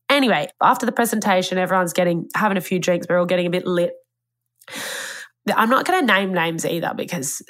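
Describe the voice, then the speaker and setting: A woman, telling a personal story in a candid, rambling way and swearing freely. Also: fairly low pitch. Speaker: podcast host. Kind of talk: casual storytelling.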